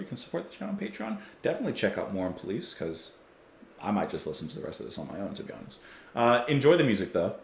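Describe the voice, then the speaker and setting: A man hosting a music reaction video, chatting enthusiastically and stumbling over names. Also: on the low side. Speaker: music reaction channel host. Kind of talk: casual reaction commentary. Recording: roomy echo.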